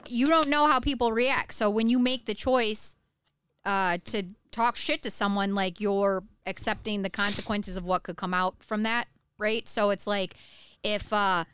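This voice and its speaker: Probing middle-aged woman, very clear voice. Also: medium pitch, a bit bright. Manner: probing, halting with fillers. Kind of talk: casual chat.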